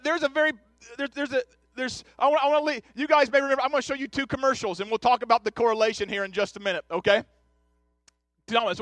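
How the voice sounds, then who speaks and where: A man's voice: extremely high pitch, fairly bright tone, dry recording. A man in his thirties preaching a conversational sermon, joking and chatting straight to his congregation. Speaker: pastor. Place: church sanctuary.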